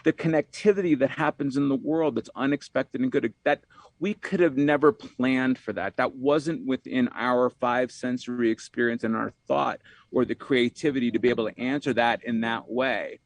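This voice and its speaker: A man's voice: mid-range voice, normal speed, no room sound. A man, an author from New York, talks as a podcast guest in a reflective, rambling way, often saying "you know" and repeating words.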